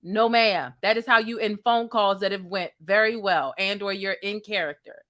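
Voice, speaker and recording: A woman's voice: medium pitch, moderate pace, pushed and bright. A woman hosting a reaction commentary, sassy and incredulous, talking straight to the viewer. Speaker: commentary host.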